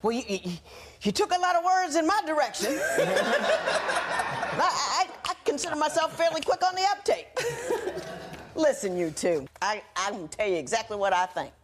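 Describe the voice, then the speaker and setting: High lively woman judge on a tv court show, wry and teasing, a bit of music behind her. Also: moderate pace, pauses often, very noisy. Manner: wry and teasing, breaks into laughs. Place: TV studio courtroom.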